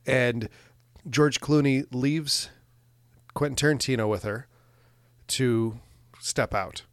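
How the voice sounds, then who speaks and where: A man's voice: mid-range voice, slow pace, smooth, dry recording, clean studio sound. A man co-hosting a podcast, recapping a film plot in a rambling, hesitant casual chat. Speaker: podcast co-host. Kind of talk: casual movie discussion.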